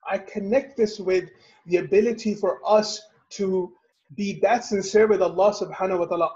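High-voiced man teaching over a call. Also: dull audio. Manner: animated storytelling, rhetorical questions. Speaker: halaqa speaker and host. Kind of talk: religious lesson over video call. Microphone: video call.

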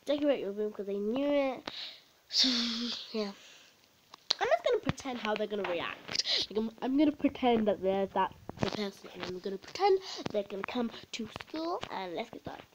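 A woman's voice: a little high, noisy background. A woman chatting casually and rambling as she narrates her own game role-play. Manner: chatty, rambling, with many restarts.

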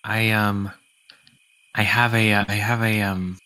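A man with a sharp, very bright voice chatting casually on a stream. He jokes and rambles, tripping over restarts as he goes. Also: on the low side, level tone, poor audio. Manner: joking, rambling, halting. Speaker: streamer guest.

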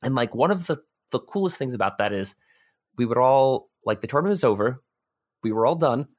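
A man's voice: mid-range voice, lively intonation, brisk. A young man from New York telling a story in casual podcast chat, rambling with lots of fillers and restarts. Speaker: podcast guest.

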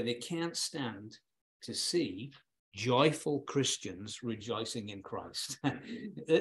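A male preacher delivering a sermon in an earnest, emphatic way, often repeating words as he stresses a point. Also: mid-range voice.

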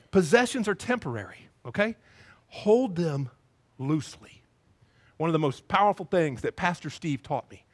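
A male pastor preaching a sermon, telling stories in a lively way and acting out the voices of the people in them. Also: a little high. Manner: lively storytelling, acts out voices.

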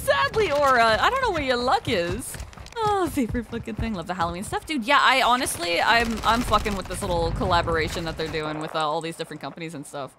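A woman's voice: medium pitch, background noise. A young woman streaming a shooter game, chatting casually with her chat and swearing often.

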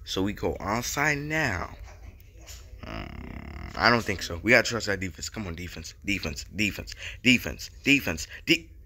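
A young man giving casual commentary over his football video game, slangy and excitable, repeating chants and getting hyped on big plays. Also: on the low side, measured pace, creaky, a little hiss or hum. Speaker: gaming YouTuber. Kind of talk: gameplay commentary.

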